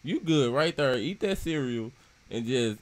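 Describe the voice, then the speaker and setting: A man hosting a reaction video, talking in a casual, excitable way full of slang and constant "bro". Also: medium pitch, measured pace.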